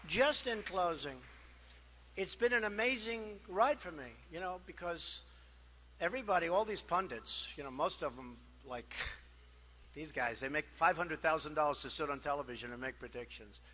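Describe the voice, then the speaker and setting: A man giving a campaign rally speech as a political candidate. He is boastful and rambling, repeats himself, and swings between loud declarations and quiet asides. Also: a little high, expressive, moderate pace, a little hiss or hum. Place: rally crowd.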